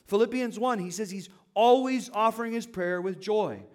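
A man's voice: sits high, moderate pace. A man preaching a sermon in a church, talking to the congregation in a conversational way and asking them questions. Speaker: pastor.

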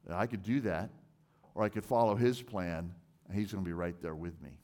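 A man delivers a church sermon in a fairly low voice. He preaches earnestly and emphatically, stressing and repeating key words and sometimes stumbling over the start of a phrase. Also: steady tone, fairly quick, dark tone. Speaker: pastor.

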